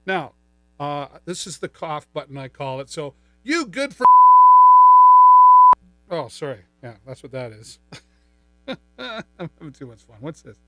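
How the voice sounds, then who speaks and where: A man's voice: a little high, big pitch swings, a little slow, long pauses. Upbeat middle-aged male live-stream seller. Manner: upbeat salesman chatter, playful. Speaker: live shopping host. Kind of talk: live-stream product demo. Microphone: studio microphone through a mixer.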